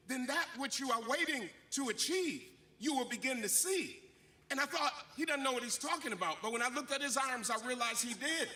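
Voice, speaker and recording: High, bright-voiced man in his fifties. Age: 50s. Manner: animated storytelling with acted-out quotes. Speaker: commencement speaker, bishop. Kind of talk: preacher-style commencement speech. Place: graduation ceremony.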